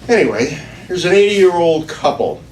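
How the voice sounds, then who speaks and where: A man's voice: fairly high pitch, sing-song, moderate pace, darkish tone. A man doing stand-up, telling jokes with dry self-deprecating asides at a small comedy club. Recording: echoey room, distant mic, noisy.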